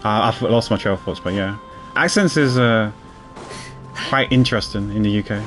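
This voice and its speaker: A man's voice: fairly low pitch, moderate pace, fairly bright tone, soft background music. A man streaming a game, chatting casually in a rambling way, repeating his words and chuckling. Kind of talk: casual gameplay commentary.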